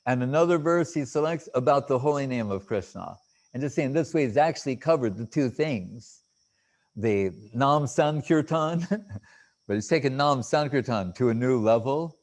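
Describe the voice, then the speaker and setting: A man's voice: mid-range voice, expressive, a little mellow. A man speaks as a spiritual teacher in a devotional talk. He halts often, fills gaps with hesitations and restarts, and stumbles through recited Sanskrit verses. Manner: halting, with many fillers and restarts.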